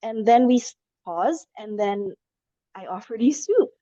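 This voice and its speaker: This podcast guest's voice is fairly high and mellow, with lively intonation and a measured pace. She casually tells a personal story with lots of fillers and restarts, in dull lo-fi audio without echo.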